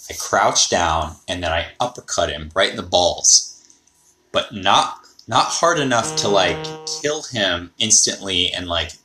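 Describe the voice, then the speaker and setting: A man's voice: low voice, bright, forceful tone. A man hosting a podcast, rambling and thinking aloud in a casual monologue. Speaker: podcast host.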